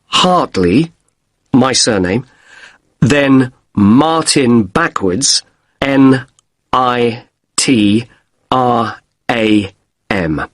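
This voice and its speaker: A man playing a polite hotel guest in a scripted exam dialogue, spelling out letters slowly and deliberately. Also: mid-range voice, big pitch swings, no room sound. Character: polite British man with broken wrist checking in.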